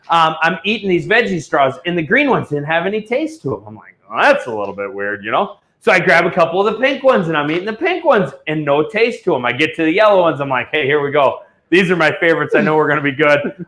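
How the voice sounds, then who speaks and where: A man hosting a live online auction, telling a rambling, profane story before pitching items. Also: fairly bright tone. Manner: rambling, ranting storyteller who swears freely. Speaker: livestream auction host. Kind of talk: casual livestream chat and product pitch.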